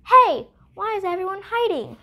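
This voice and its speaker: A woman's voice: very high-pitched, animated, moderate pace, sharp tone, voice pushed up, exaggerated voice. A woman doing a fearless little baby bug. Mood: cheerful. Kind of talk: storybook read-aloud.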